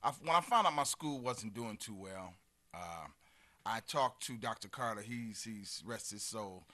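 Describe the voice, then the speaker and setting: A man's voice: fairly low pitch, expressive, measured pace, bright, forceful tone. A man in his fifties chatting as a guest, telling earnest community stories with many fillers. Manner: earnest, storytelling, trails off into fillers. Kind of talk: casual chat.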